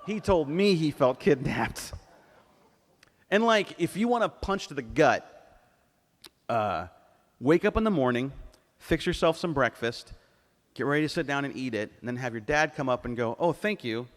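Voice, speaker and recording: A man's voice: mid-range voice, animated, normal speed, long pauses. A man, a cartoonist on a convention stage, telling candid, profane stories and acting out the dialogue. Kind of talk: live storytelling talk. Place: convention panel hall. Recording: live hall with long reverb.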